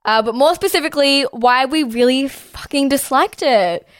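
A woman's voice: high-pitched, moderate pace, no room sound, clean studio sound. A young woman co-hosting a podcast, ranting in heated, sarcastic casual chat with lots of swearing. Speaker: podcast co-host.

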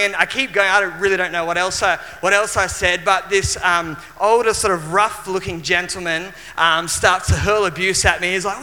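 An Australian man preaching in a church hall, his fairly high, very bright and piercing voice ringing out with a long reverb. He tells his story in an animated way, often restarting his sentences. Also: fairly quick, few pauses. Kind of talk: sermon with personal storytelling.

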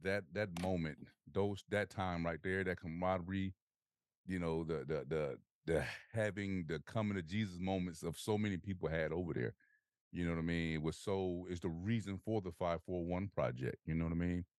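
Male podcast host, forties, very low voice, dry close sound, lively storyteller. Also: moderate pace, no room sound. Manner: animated storytelling, laughs often, acts out quotes. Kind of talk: casual conversation.

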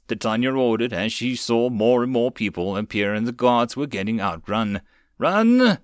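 A man reading a web novel audiobook in a steady narrating voice. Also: mid-range voice, dry recording.

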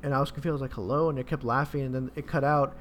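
A man shares a memory on a podcast in a loose, rambling way, often pausing and restarting. His pitch sits in the middle range, and his tone is relaxed and conversational. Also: slight background noise. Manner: rambling, halting anecdotes. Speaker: podcast co-host. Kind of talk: casual chat.

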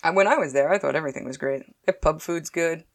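Low-voiced chatty woman. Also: fast. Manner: chatty, laughs often, animated storytelling. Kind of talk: casual chat.

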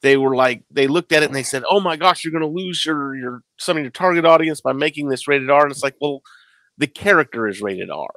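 A man in his forties co-hosting a casual podcast chat, telling stories and acting out quotes with lively emphasis. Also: medium pitch, brisk, dry recording. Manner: animated storyteller, acts out quotes. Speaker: podcast co-host.

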